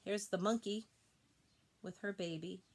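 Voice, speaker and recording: A woman reading a picture book aloud to children, expressive and pausing to point out the pictures. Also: mid-range voice, a little hiss or hum. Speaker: storybook reader.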